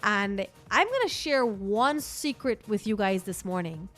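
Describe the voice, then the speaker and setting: A woman's voice: medium pitch, lively intonation, unhurried, fairly bright tone, faint music behind. A chatty, bubbly woman co-hosting a casual morning radio show, laughing often. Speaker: radio co-host.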